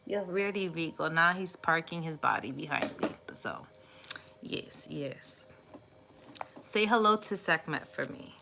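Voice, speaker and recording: A woman host chatting casually with viewers on a live stream, warm and cooing as she talks about cats. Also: deep voice, expressive, measured pace, creaky, a little hiss or hum. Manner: chatty and affectionate, cooing baby talk at her cat. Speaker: tarot reader live streaming.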